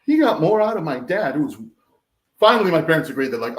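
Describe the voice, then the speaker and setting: Animated American man, echoey room. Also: on the high side, fast talker. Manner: animated, acts out quoted voices loudly. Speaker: interview guest. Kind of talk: storytelling in a casual interview.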